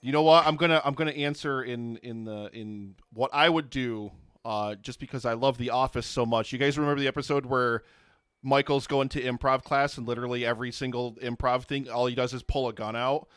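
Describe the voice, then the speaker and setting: A man's voice: mid-range voice, fairly even intonation, fairly quick, fairly bright tone, smooth, dry recording, studio quality. A man in casual livestream chat, rambling and self-deprecating as he works out his answers.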